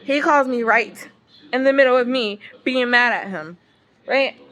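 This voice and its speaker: A woman's voice: fairly high pitch, unhurried, highs cut off. A mother vlogging a casual storytime, exasperated and swearing freely as she tells it. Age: adult parent. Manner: exasperated, profane, animated storytelling.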